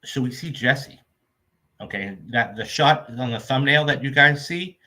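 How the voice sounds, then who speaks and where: A man's voice: mid-range voice, unhurried, pushed and bright. A man hosting a film review show, retelling movie scenes in a rambling, casual recap full of "okay?" check-ins.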